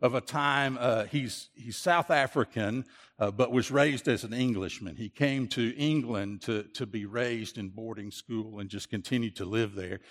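A man's voice: medium pitch, unhurried, big-room sound. A man pastor preaching a sermon, earnest and repetitive, often restarting his phrases. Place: church.

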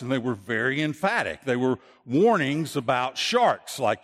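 Earnest preacher in an echoing hall. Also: male voice, mid-range voice, expressive, moderate pace, a bit bright. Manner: earnest, repetitive, with many restarts. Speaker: pastor. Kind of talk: sermon. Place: church.

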